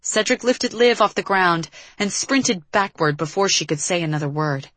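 A woman reading a tense action story aloud as an audiobook narrator, in a steady storytelling manner. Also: fairly low pitch, moderate pace, no room sound. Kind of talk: scripted narration.

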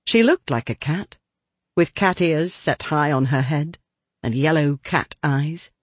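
A man reading a novel aloud as narrator, with expressive, lively storytelling. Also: fairly high pitch, measured pace, no echo. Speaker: audiobook narrator. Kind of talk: scripted narration.

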